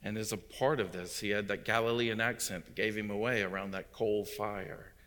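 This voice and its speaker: A man's voice: on the low side, steady tone, normal speed, a bit bright. A man, a visiting pastor, delivering an emphatic sermon that swells and drops in intensity. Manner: emphatic preaching with rising and falling intensity. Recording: long hall reverb.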